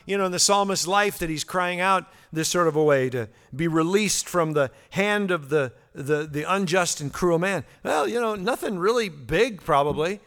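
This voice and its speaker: A man's voice: high-pitched, animated, normal speed, hardly any pauses, fairly bright tone. A man teaching through a psalm verse by verse, in a conversational way with fillers and repeated words. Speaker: Bible teacher. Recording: long hall reverb.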